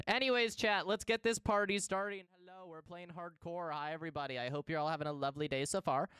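A man's voice: fairly high pitch, quick pace, hardly any pauses, fairly bright tone, clear, resonant tone, dry recording, studio quality. A young man streaming a game live, chatting casually and playfully with his viewers and greeting them in bursts.

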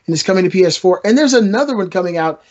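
A man's voice: high-pitched, lively intonation, very fast, lo-fi sound. A man hosting a casual gaming podcast, rambling and joking with his co-hosts. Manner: rambling, joking, trash-talking. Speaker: podcast host.

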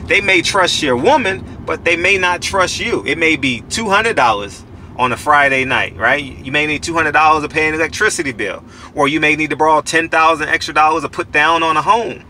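A man's voice: on the high side, fairly quick, sharp tone, a little hiss or hum. A man in his forties giving casual motivational advice to other men, emphatic and profane, repeating himself for weight. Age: 40s. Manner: preachy, repetitive, profane and emphatic. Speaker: channel host giving life advice.

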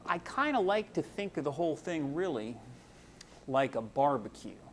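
This young medical student gives a casual explanatory lecture packed with homely analogies, pausing often with "uh." His fairly high, sing-song voice comes with a faint hiss or hum.

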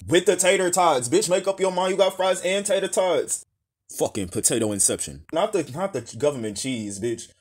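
Husky man ranting, exasperated and profane. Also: mid-range voice. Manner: loud, exasperated, heavy cursing. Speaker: reaction commentator. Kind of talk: profane comedic rant.

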